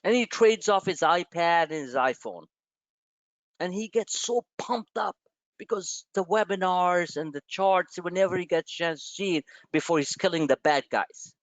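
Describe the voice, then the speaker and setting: A man's voice: high-pitched, normal speed, dry recording. A man hosting a live stock-trading webinar, talking in an emotional, impassioned and blunt way, with some swearing. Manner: impassioned, emotional motivational rant. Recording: dull, dry lo-fi webinar audio.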